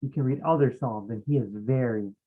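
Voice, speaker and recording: A man's voice: mid-range voice, a little fast. A man leading a casual Bible study who thinks aloud, rambles and stops to search for names as he goes. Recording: muffled phone-like audio.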